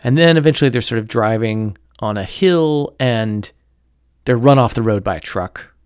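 A man's voice: mid-range voice, animated, moderate pace, clean tone, no room sound, studio quality. A man hosting a podcast, chatting casually and critically about a novel, rambling with lots of fillers. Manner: rambling, many fillers and hedges; critical, opinionated commentary. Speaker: podcast host discussing a novel. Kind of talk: casual chat.

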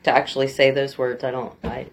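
A woman's voice: rumbling low, flat delivery, brisk, gravelly. A woman, co-hosting a faith podcast and telling a story in casual chat, laughing easily. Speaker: podcast co-host.

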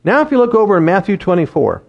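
A man preaching a sermon and reading scripture aloud, animated, laughing at his own jokes and slowing down to stress key words. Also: sits high, gravelly, muffled recording.

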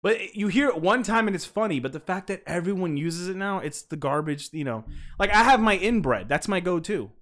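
A man's voice: sits high, brisk. A man co-hosting a casual podcast, swearing freely and laughing often as he rants. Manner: profane, animated, laughing often. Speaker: podcast co-host.

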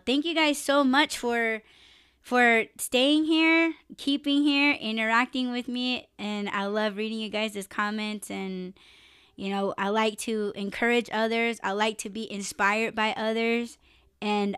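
A woman's voice: mid-range voice, fairly bright tone, smooth, no room sound, clean studio sound. A young woman hosting a live podcast, chatting casually, swearing freely and laughing often. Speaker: podcast host. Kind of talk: casual live-stream chat.

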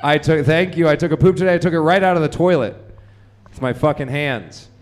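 A man's voice: a little high, fairly quick. A young man hosting a live comedy show, rambling and profane, full of fillers and restarts. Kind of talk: stand-up hosting banter.

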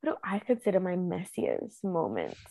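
A woman's voice: on the low side, wildly swooping pitch, moderate pace, vocal fry, dark tone. Giggly young woman guest. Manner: giggly, rambling, many "like" and "um" fillers. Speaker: podcast guest. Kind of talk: casual podcast chat.

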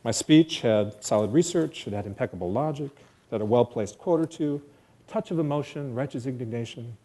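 A man's voice: mid-range voice, a little fast, mellow. A man from the United States telling a personal story to an audience, earnest and self-deprecating, in vivid present tense.

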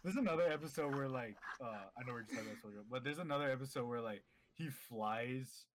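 A man's voice: medium pitch, fast, background noise. A man chatting casually as a podcast co-host, rambling with many fillers and frequent laughter.

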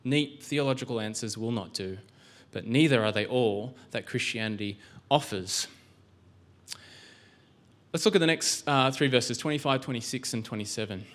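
A man's voice: medium pitch, moderate pace, fairly bright tone. A male pastor giving a sermon in a church, conversational, with rhetorical questions and frequent restarts.

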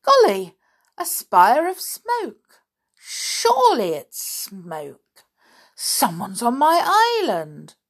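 A woman's voice: mid-range voice, lively intonation, normal speed, creaky, breathy edge. A woman reading the part of a fierce, bold tomboy girl. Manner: fiery, possessive.

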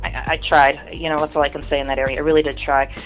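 A woman's voice: sits low, little pitch movement, racing, faint music behind, poor audio. Candid woman in her thirties swearing freely. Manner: candid, rambling, swears often. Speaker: guest. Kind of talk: casual interview storytelling.

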